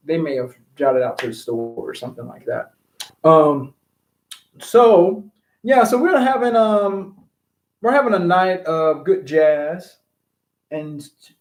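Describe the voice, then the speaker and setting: A fairly high-voiced man hosts a relaxed live-streamed chat from home. He rambles easily, full of ums, in an echoey room. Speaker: livestream host. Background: music.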